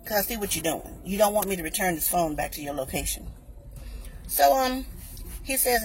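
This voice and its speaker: A woman on her own vlog telling a customer service story in an animated way, acting out both sides of each exchange. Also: medium pitch, moderate pace, a little hiss or hum. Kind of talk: storytime vlog, recounting an argument.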